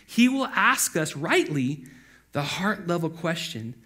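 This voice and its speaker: A man preaching a casual sermon in a conversational way, full of asides, who acts out quoted voices with sudden loud outbursts. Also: fairly high pitch, sing-song, slow. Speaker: pastor.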